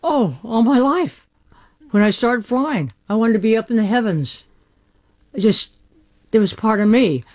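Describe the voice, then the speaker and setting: A woman's voice: a little high, animated, measured pace, pauses often, darkish tone. A woman in her eighties, from the United States, speaking emphatically in an archived radio interview about her life. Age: 80s. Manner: emphatic, spirited storytelling.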